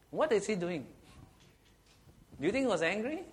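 A man's voice: on the high side, animated, a little fast, long pauses. A man preaching a sermon, often asking rhetorical questions and checking in with "okay?".

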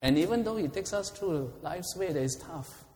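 A man's voice: on the high side, lively intonation, moderate pace. Impassioned man preaching in a reverberant hall. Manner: impassioned, swings from soft to loud. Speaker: pastor. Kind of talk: sermon. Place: church hall. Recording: long reverb of a large hall.

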